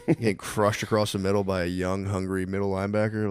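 A man in his thirties co-hosting a podcast in casual chat, laid-back, profane and joking, often slipping into quick put-on voices. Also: sits low, flat delivery, smooth, no room sound, clean studio sound. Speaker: podcast co-host.

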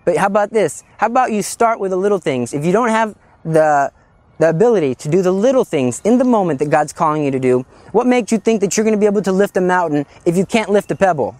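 A man preaching a sermon in an animated, scolding way, acting out little scenes as he goes. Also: sits high, quick pace, dry recording.

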